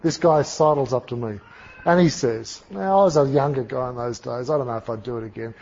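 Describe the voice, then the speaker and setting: A man giving an animated, conversational storytelling sermon with asides to his audience. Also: mid-range voice, fairly quick, gravelly, slight background noise. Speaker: speaker. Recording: dull lo-fi recording.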